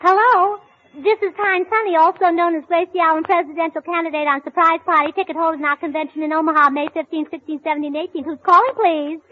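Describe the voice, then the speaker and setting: Squeaky high lady, ditzy and chirpy, dull old 1940 radio sound. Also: fairly even intonation, quick pace. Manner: scatterbrained, chirpy, cheerful. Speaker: comedian and show co-host. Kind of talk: scripted radio comedy. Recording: dull, faintly noisy 1940 radio broadcast.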